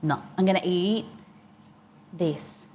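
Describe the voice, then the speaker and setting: A woman's voice: lowish voice, slow pace, darkish tone, a little hiss or hum. A young woman chatting casually with viewers on a live stream while eating, reading chat aloud and answering.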